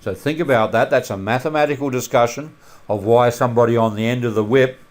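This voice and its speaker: A man teaching a maths lesson over a screencast in a relaxed way, with many filler sounds and questions put to the students. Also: mid-range voice, fast talker.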